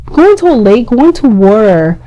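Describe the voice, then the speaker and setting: A young adult woman hosting a podcast, giving advice in a casual, chatty way with lively acted-out quotes. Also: on the high side, a little slow, highs cut off. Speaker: podcast host.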